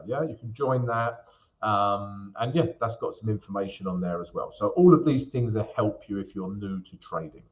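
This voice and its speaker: A man's voice: mid-range voice, muffled recording. A man hosting a live stream Q&A, talking casually through chart analysis with frequent fillers and tag questions. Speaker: forex trading host.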